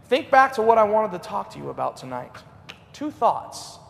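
A middle-aged man preaching a revival sermon in a church, swinging between loud and hushed. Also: high-pitched, sing-song, normal speed, vocal fry, slight background noise. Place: church sanctuary. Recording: long hall reverb.

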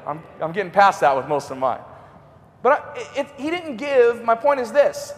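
A middle-aged man preaching a revival sermon in a church, swinging between loud and hushed. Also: high voice, lively intonation, moderate pace. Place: church sanctuary. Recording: long hall reverb.

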